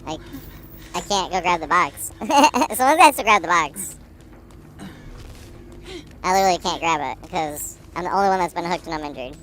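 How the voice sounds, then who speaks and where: A woman commenting on her gameplay live, rapid and exasperated, swearing at times. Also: fairly low pitch, expressive, fairly bright tone, a little hiss or hum.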